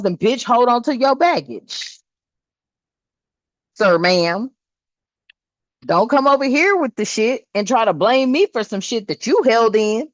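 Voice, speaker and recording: A woman doing a tarot reading, full of slang and swearing and quick to laugh. She sounds dull and lo-fi, with a dry and close sound and no room echo. Her pitch sits in a medium range. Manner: animated, slangy and profane, laughs often. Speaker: tarot reader. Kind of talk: casual spiritual reading monologue. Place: indoors, room with air conditioner.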